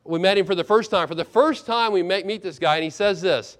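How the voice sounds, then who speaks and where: A middle-aged pastor with a high-sitting voice talks fast, hardly pausing at all. His sermon is expressive, acting out quoted lines and swinging between loud and hushed passages.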